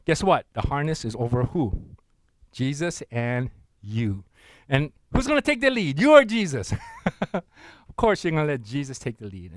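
Lively preacher man. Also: on the high side, no echo. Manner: energetic call-and-response preaching with laughs. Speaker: pastor. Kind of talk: sermon.

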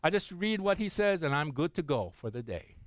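A male pastor preaching in a conversational way, pausing for listeners to finish verses aloud and asking lots of rhetorical questions. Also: a little high, sing-song, no room sound. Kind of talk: sermon.

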